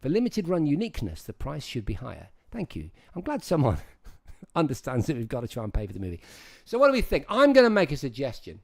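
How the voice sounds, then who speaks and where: A man's voice: medium pitch, huge pitch swings, fast talker, creaky, few pauses. A man hosting a livestream, chatting casually and rambling as he talks straight to his viewers. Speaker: livestream host.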